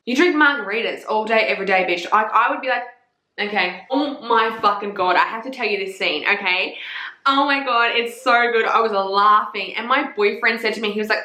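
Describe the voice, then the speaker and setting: A woman's voice: mid-range voice, fairly quick. A young woman, chatting casually and sassily about books, swearing freely. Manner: sweary, sassy and animated. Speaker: book reviewer. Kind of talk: casual chat. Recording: echoey room.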